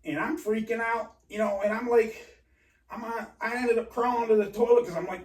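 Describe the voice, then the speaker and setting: A man telling a rambling personal story in an agitated, halting way, full of restarts and swearing. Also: very high voice, darkish tone. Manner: profane. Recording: roomy and distant from mic.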